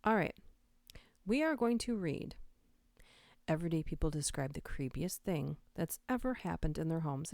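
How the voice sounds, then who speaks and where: A livestream host chats and giggles from home, her nose a bit stuffy from allergies, whispering whenever she reads the creepy lines. Her low voice is a little mellow. Recorded on a close microphone, the studio sound is clean with no room sound.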